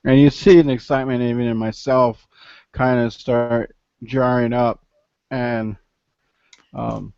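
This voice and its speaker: A man's voice: mid-range voice, flat delivery, a little slow, gravelly, pauses often, mellow, clean tone, dry recording. A man playing a tabletop role-playing game, speaking in character with hesitant fillers. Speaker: player. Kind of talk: in-character role-play talk. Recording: dull, dry lo-fi audio.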